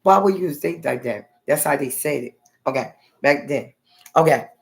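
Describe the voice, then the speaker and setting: A woman's voice: low voice, lively intonation, moderate pace, creaky. A woman vlogger telling a long personal story in a rambling, blunt way, often adding okay and honey.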